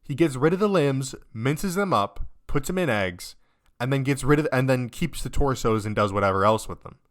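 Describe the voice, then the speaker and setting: A man's voice: mid-range voice, animated, moderate pace. A young man playing a game and commenting on it, upset and close to tears, who swears constantly and rants in broken, trailing sentences. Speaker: let's-play gamer.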